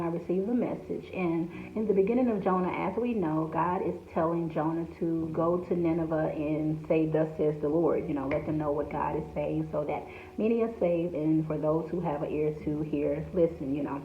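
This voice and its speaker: A woman's voice: deep voice, steady tone, moderate pace, a little hiss or hum. Woman preaching over a tinny echoey line. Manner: conversational, with frequent asides. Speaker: devotional speaker. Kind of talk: informal devotional message. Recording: echoey, tinny phone-like sound.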